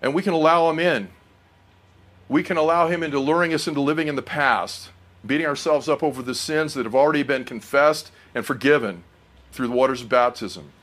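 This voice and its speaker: A man's voice: a little high, fairly quick, a bit bright. A middle-aged man preaching a sermon, earnest and personal, often asking the congregation questions.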